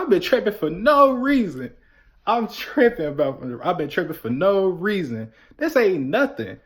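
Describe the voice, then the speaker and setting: A man's voice: high voice, moderate pace. A young man vlogging, telling a story in a casual, slangy way and acting out the voices of friends. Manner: animated, slangy retelling with quoted voices.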